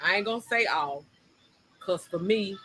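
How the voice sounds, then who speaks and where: A woman co-host holds forth in casual chat. Her voice is bright and forceful, and she talks in an animated, opinionated way, rushing ahead when she presses a point. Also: medium pitch, husky, poor audio. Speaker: podcast co-host.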